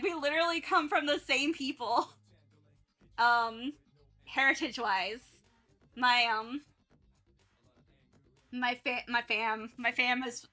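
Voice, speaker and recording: A woman's voice: a little high, pushed and bright. A young woman from North Carolina chatting casually on a livestream, rambling with lots of restarts and fillers. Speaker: art streamer.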